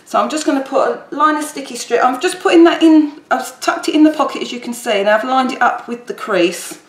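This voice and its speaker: A woman with a high, brisk voice chats casually and rambles as she demonstrates a papercraft project in a crafting tutorial. The room is echoey, with faint background noise.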